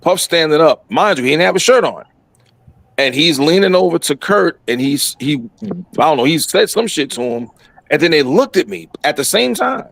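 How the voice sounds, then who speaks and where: A middle-aged man tells a story with loose, profane energy. His voice sits a little high and sounds dry and close. He jumps into the voices of the people in it. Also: moderate pace, dry recording. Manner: animated, profane, acts out quotes. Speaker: podcast guest storyteller. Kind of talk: casual storytelling chat.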